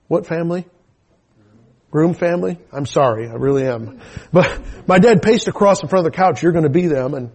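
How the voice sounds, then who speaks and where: Husky preacher, quiet to shouting. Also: male voice, fairly high pitch. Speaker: pastor. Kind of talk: sermon with personal testimony.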